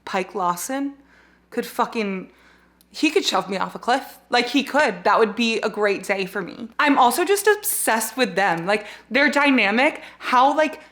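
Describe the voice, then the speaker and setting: A woman's voice: on the high side, expressive, a little slow, fairly bright tone. A young woman chatting casually in a reading vlog at home, gushing about books, laughing often and swearing freely. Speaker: book vlogger. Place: home, bathroom while doing makeup.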